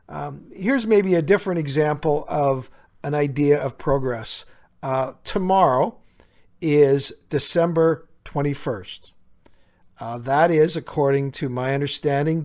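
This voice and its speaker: Earnest male podcast host, slightly high. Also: measured pace. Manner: earnest, conversational, frequent "uh" fillers. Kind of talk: reflective solo podcast talk.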